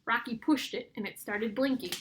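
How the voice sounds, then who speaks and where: A woman reading a children's novel aloud in a steady, clear storytelling voice. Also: on the high side, normal speed, slight background noise. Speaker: audiobook narrator.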